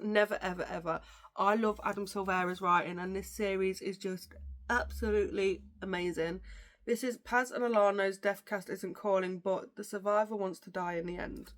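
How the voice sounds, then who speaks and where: A young woman, talking casually as a book vlogger. She is chatty and gushing, with lots of fillers, and sounds tired, yawning now and then. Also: mid-range voice. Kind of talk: casual chat about books.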